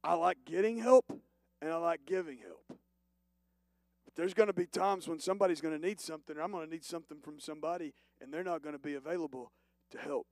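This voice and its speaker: A male pastor preaching a sermon, moving from hushed, slow passages to loud, emphatic declarations. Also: a little high, no room sound. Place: church.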